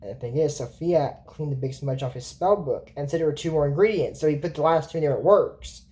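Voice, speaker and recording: A woman with a somewhat low voice talks her way through a cartoon episode for her channel at home. She rambles and circles back, filling gaps with fillers. It is an unscripted, chatty recap. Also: brisk, mellow. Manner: rambling, with many fillers and restarts. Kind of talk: casual recap commentary.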